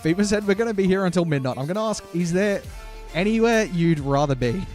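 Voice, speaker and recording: Hyped streamer, high voice. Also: male voice, animated, fairly quick, darkish tone, faint music behind. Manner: chatty, hyped, playful banter with chat. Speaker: streamer and caster. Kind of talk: live stream commentary.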